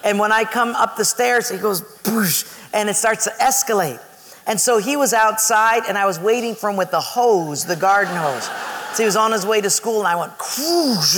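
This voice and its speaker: A man preaching a sermon, telling a story in a lively way with laughter. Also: high voice, normal speed, long reverb tail.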